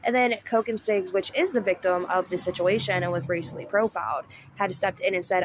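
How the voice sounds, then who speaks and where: A woman's voice: lowish voice, fairly even intonation, brisk, hardly any pauses, background noise. A woman with a Southern US accent giving blunt, chatty commentary, often addressing viewers as y'all. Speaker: commentary host. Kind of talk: casual commentary.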